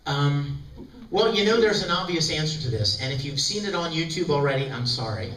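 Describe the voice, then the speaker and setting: Animated man telling stories on a convention panel. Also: on the high side, brisk. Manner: animated, jokey, acts out quotes. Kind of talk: storytelling to a live audience. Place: large convention hall. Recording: roomy far-off fan recording, crowd noise. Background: audience laughter and hall ambience.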